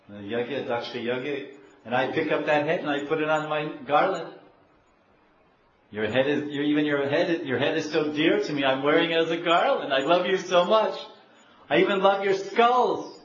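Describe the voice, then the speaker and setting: A man voicing a calm, devoted god who speaks slowly and lovingly to his wife, within a sermon. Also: medium pitch, close to an everyday voice. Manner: slow, calm, growing fervent. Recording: dull echoey room, faint hiss.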